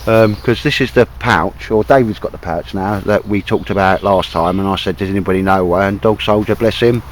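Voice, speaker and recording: This is a man with a fairly low voice and a moderate pace, talking to camera outdoors in a wet wood as a vlogger. His Cockney chat is rambling and matey, and he keeps addressing his mate as "mate." Slight background noise is present, and the audio is poor.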